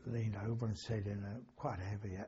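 Speaking at a moderate pace, this English war veteran rambles through anecdotes from the war for an oral history interview, laughing softly and correcting himself as he goes. His fairly low voice is steady, dark and husky, and the audio sounds dull.

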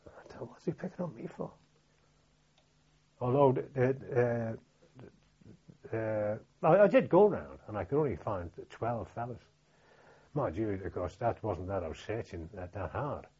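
An older man from Liverpool with a Liverpool accent, recalling wartime memories in an oral history interview, halting and plain-spoken with many restarts. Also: fairly low pitch, animated, mellow, husky. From Liverpool, England. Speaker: veteran interviewee. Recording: dull lo-fi recording.

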